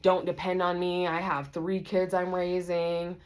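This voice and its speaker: A woman's voice: lowish voice, flat delivery, unhurried, natural voice. A woman voicing a stern middle-aged father who lectures his grown daughter. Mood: scolding.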